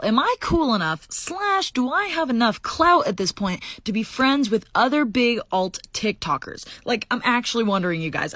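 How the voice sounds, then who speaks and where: A young woman with a high voice tells jokey stories in a deadpan, slang-heavy way. Her pitch swings widely from line to line. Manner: goofy, deadpan slang-filled storytelling. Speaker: comedy creator. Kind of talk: comedic sketch monologue.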